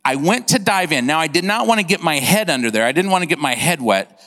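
A man preaching a sermon, telling a funny story in an animated, comic way and acting out sound effects. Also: fairly high pitch, quick pace, in a large hall. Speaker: pastor. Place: church.

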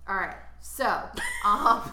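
A woman's voice: slow, pushed and bright. A young woman casually summarizing a chapter in a loose, laid-back way. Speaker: podcast co-host. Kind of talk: casual profane chat. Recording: echoey room with faint noise.

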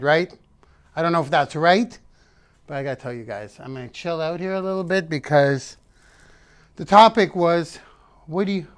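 A man giving a casual motivational talk, playful and emphatic, breaking off to sing and repeating words for effect. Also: a little high. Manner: playful, self-interrupting, sings snippets; emphatic repetition. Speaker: motivational vlogger.

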